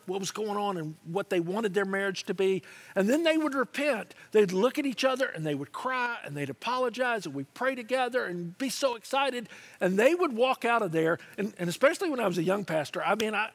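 A man's voice: high voice, husky. A middle-aged male pastor preaching a sermon, telling stories and acting out the voices of people he quotes. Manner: animated storytelling, acts out quoted voices.

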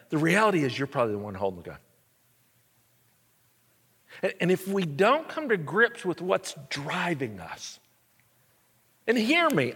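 Animated husky male preacher in a hall. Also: high voice. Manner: animated storytelling, acting out dialogue. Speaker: pastor. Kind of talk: sermon. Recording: echoey church hall.

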